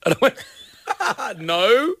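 A man's voice: on the high side, lively intonation, a little fast, heavy background noise. Joking Australian man hosting radio. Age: 30s. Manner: joking, teasing, laughs often. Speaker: radio host. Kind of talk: casual radio chat.

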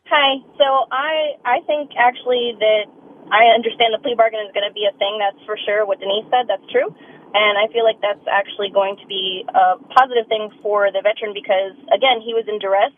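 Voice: medium pitch, fairly even intonation, fairly quick, slight background noise. A caller on a talk radio show giving an earnest opinion. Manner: earnest, addresses listeners as guys. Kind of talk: call-in comment. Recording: phone line.

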